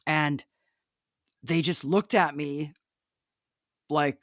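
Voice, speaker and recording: A woman hosting a podcast, telling a personal story in a loud, animated, candid way, laughing often and swearing freely. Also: sits low, normal speed, no echo, clean studio sound. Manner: profane, candid. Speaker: podcast host.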